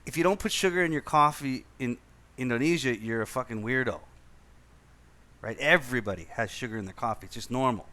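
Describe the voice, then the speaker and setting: A man's voice: medium pitch, sharp tone. A man hosting a casual podcast chat, telling a profane anecdote with lots of repeated words and laughter. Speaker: podcast host. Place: lived in Indonesia.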